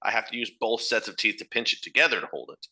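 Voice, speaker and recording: A man co-hosting a podcast in loud, profane, ranting banter, sometimes mimicking other people. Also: fairly low pitch, expressive, fast talker, slightly rough. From Ireland. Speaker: podcast co-host.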